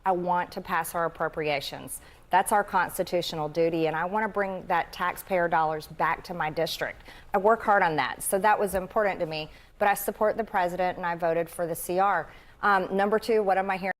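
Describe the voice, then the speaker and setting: A woman with an American Southern accent answers a news interviewer in a low, steady voice. She stays firm and sticks closely to practiced political talking points. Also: brisk. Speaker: congresswoman being interviewed.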